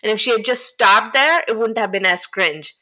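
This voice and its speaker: A woman co-hosting a casual podcast, chatting about reality TV and chiming in with quick agreement and laughter. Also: fairly high pitch, sharp tone. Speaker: podcast co-host. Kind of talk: casual reality TV recap chat.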